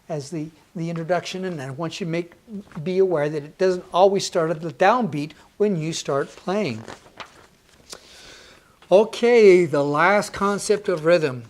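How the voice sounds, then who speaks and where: Slow-spoken woman teaching music rhythm. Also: on the low side. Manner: counts beats aloud and chants rhythm syllables; encouraging, plainspoken. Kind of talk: slow, patient music lesson with counting aloud.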